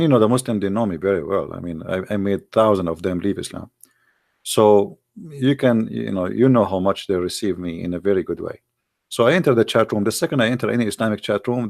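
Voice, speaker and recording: A man hosting a livestream who tells stories in animated, broken English and talks straight to his audience. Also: on the low side, gravelly, no echo, clean studio sound. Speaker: livestream host. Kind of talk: casual livestream storytelling.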